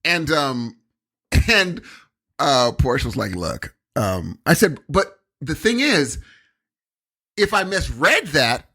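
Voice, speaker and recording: Rambling, animated man telling a story. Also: a little high, slow pace, slightly rough. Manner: rambling anecdotes with many fillers and quoted voices. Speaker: podcast co-host. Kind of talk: casual chat, storytelling.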